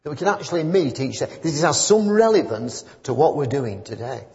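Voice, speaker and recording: A man's voice: fairly high pitch, expressive, fairly quick, darkish tone. A man gives a loose, story-filled sermon, wandering between anecdotes before pressing his point with fervour. The recording is dull and muffled. His voice rings with the long reverb of a church hall. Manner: rambling, conversational, rising to fervent emphasis. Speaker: preacher.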